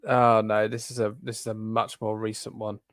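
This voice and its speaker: A man co-hosting a casual podcast chat, talking in halting bursts full of ums and restarts. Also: on the low side, level tone, no room sound, studio quality. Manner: hesitant, lots of ums and restarts. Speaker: podcast co-host.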